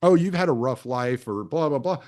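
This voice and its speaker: A middle-aged man hosting a podcast, telling stories in blunt, profane casual talk that gets animated. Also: mid-range voice, a little fast. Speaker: podcast host. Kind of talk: casual conversational storytelling.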